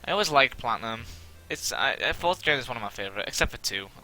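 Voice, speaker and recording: A man giving casual let's-play commentary, rambling and self-deprecating, with a somewhat monotone delivery and lots of fillers. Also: mid-range voice, fast talker, soft background music.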